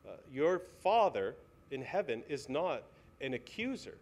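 A man's voice: medium pitch, sing-song, a little slow, darkish tone. A male pastor preaching a sermon in a church, earnest and pleading, asking the congregation many questions. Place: church sanctuary.

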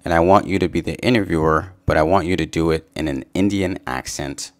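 A man giving a relaxed, upbeat screen-share coding tutorial as a software developer. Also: low-pitched, a little fast. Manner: relaxed, upbeat, says "sweet" and "awesome". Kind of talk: casual screen-share walkthrough.

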